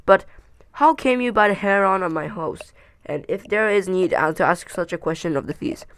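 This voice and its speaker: A home reader voicing a proud, angry dwarf king who shouts and stumbles over words. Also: medium pitch, expressive, moderate pace.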